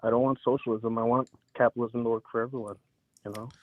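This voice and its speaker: A man's voice: medium pitch, level tone, no room sound. Guy calling in to argue politics, hesitant, tinny call audio. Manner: hesitant, halting restarts. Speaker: caller. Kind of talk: casual debate call.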